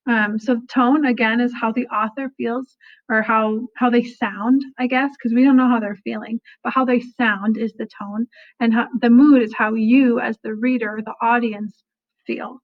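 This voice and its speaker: A woman's voice: on the high side, fairly even intonation, moderate pace. A young woman teacher giving a casual recorded lesson, full of fillers and "kinda". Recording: slightly dull lo-fi audio.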